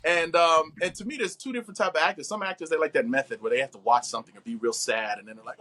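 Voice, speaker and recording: A man's voice: racing, hardly any pauses. A middle-aged man, an actor, talking animatedly in an interview and acting out quoted voices. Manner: expressive, acts out quotes with big pitch jumps.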